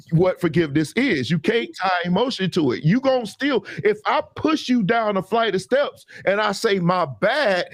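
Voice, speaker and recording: A man's voice: high-pitched, dry recording. A man hosting a casual talk show, arguing his point emphatically and backing it with everyday examples. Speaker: podcast host. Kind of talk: casual debate.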